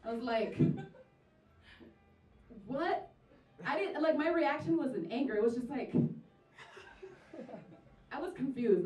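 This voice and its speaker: A young woman on a comedy venue stage does a chatty, sarcastic stand-up set, impersonating the people in her stories. Her high, darkish voice is unhurried, with long pauses and faint music behind her. The live recording is distant, roomy and dull.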